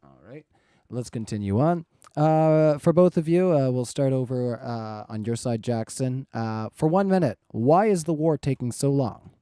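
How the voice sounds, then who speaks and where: A man's voice: medium pitch, measured pace, dark tone, clean tone, dry recording, studio quality. A man moderating a livestream debate, firmly keeping order and reading out viewer questions.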